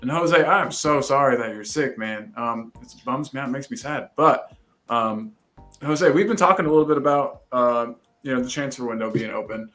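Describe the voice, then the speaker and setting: A man's voice: medium pitch, moderate pace, a bit bright, soft background music. A man hosting a casual live-stream football show, chatty and upbeat. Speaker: host.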